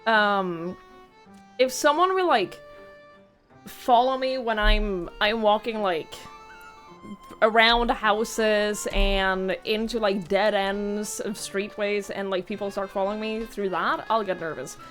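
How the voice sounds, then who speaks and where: A woman's voice: mid-range voice, slow pace, a bit bright, soft background music. A young woman streaming a game, chatting in a rambling, giggly way and swearing casually. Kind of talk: casual chat while gaming.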